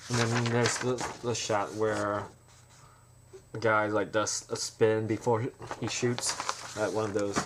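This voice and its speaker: A man with a fairly low voice talks through a film trailer idea in a casual, rambling way. He keeps stopping and restarting his sentences, and a faint hiss sits under his speech. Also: little pitch movement, slow. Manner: rambling, full of fillers and restarts. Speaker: amateur filmmaker pitching a trailer.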